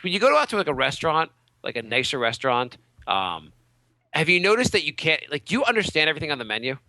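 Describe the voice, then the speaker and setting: Fast-talking, lively man. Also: fairly high pitch, dry recording. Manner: rambling, many fillers and restarts. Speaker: podcast co-host. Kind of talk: casual podcast chat.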